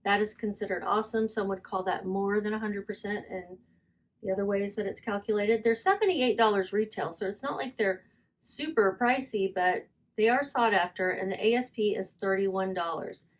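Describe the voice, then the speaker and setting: A woman talks through her recent resale sales in an easy, conversational way. She often stops to correct herself mid-sentence and reads titles and prices aloud. Her pitch is in a middle range for a woman. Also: moderate pace. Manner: chatty, self-correcting, reads listing details aloud. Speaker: online reseller. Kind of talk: casual selling vlog.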